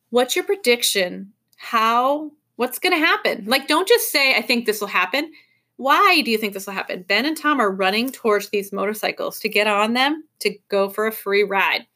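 A woman teacher reading a children's novel aloud to her class in an expressive, lively way. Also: mid-range voice.

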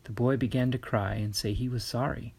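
A man reads a storybook tale aloud, his voice husky with a touch of breath. He tells it in a gentle, measured way. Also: medium pitch, steady tone. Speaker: narrator. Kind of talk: storybook narration.

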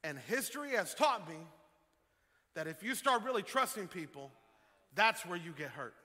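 A male pastor delivers an animated sermon in a high, bright, forward voice. His delivery leaps into loud emphatic peaks, then settles back down. The sound carries a long hall echo over faint music. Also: normal speed. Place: church sanctuary.

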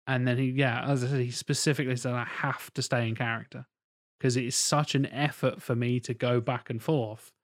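Guy cohosting a podcast, chatty, swears a lot, mid pitched voice. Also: a little fast. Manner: swears freely, animated storytelling. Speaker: podcast co-host. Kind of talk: casual podcast chat.

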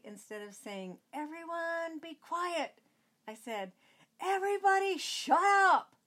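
A middle-aged woman, a mother of many, telling a family story in a rambling way. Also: mid-range voice.

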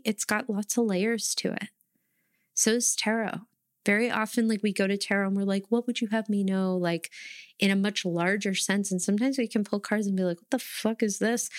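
A woman's voice: medium pitch, no echo. Earnest woman talking tarot, dry sound. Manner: earnest, emphatic, swears casually, acts out inner voices. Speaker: tarot teacher. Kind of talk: casual spiritual teaching talk.

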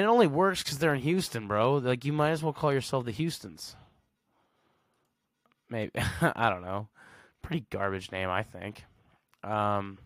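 A man's voice: lowish voice, gravelly, a bit bright, dry recording. A man hosting a solo podcast in a casual, slangy way, reading facts aloud and reacting with blunt verdicts. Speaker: podcast host.

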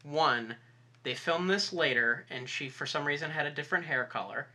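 A woman with a low, husky voice chatting on a podcast about a movie. She lays out her thoughts methodically, point by point, with a somewhat bright tone. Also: moderate pace. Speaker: podcast co-host. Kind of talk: casual movie review chat.

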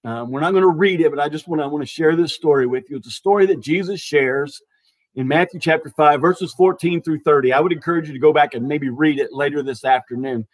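A man with a fairly high voice preaches in a relaxed, conversational way. He retells a story with easy restarts, and the sound is dry and close. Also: fast, dry recording. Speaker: pastor. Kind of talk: casual sermon storytelling.

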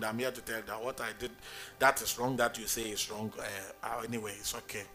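A man's voice: medium pitch, fast talker, sharp tone, soft background music. A man preaching a sermon as pastor, emphatic and sing-song, calling for amens from the congregation.

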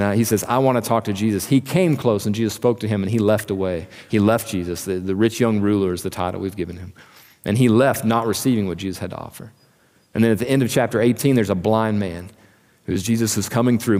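A man's voice: on the low side, a little mellow. A man preaching a sermon as pastor, earnest and asking the listeners direct questions. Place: church hall. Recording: church sermon with long hall reverb.

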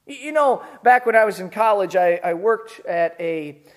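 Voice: mid-range voice, lively intonation, normal speed. Earnest conversational preacher. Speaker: pastor. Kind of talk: sermon.

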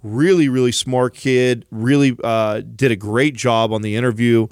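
A man's voice: mid-range voice, fairly even intonation, moderate pace, clear, resonant tone, no echo, studio quality. A man co-hosting a fitness podcast, chatting casually and telling stories, acting out the voices of people he quotes. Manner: storytelling, acts out quoted voices. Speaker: podcast co-host. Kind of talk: casual chat.

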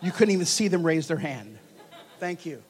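A man preaching a charismatic sermon to a congregation, animated and joking, his loudness swinging from soft asides to loud bursts. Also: a little high, normal speed. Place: church hall before a congregation.

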